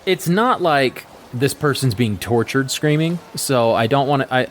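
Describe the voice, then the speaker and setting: A man narrating as game master of a tabletop role-playing podcast, relaxed and brisk. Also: mid-range voice, slight background noise.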